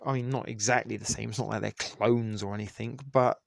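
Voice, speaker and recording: A man hosting a casual live stream, talking in a loose, rambling way full of ums and restarts. His voice sits low with a gravelly edge, and the sound is dry and close to the mic. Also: steady tone, brisk, dry recording. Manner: rambling, many fillers and restarts. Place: Toronto.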